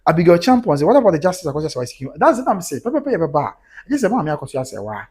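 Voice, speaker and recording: Male stream host, slightly high and husky, animated comment reader. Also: fast. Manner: animated, mixes local words into English. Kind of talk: live stream chat reading viewer comments.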